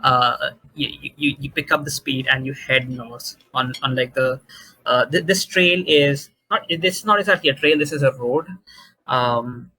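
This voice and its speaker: A man narrating as game master in a tabletop role-playing game, halting with many fillers and restarts. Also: mid-range voice, bright, forceful tone, breathy edge, poor audio.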